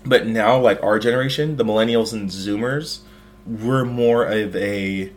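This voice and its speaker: A man's voice: fairly low pitch, steady tone, a little slow. Young American male podcast host, rambling, jokey, filler-heavy. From United States. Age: young adult. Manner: rambling, joking, heavy use of "like". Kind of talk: casual chat.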